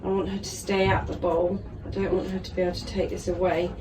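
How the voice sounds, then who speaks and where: A woman, a dog trainer, explaining hand feeding while filming on a phone held in her hand and softly praising her puppy. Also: on the low side, flat delivery, fast, noisy background. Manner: soft murmured praise to the puppy. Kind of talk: casual instructional talk.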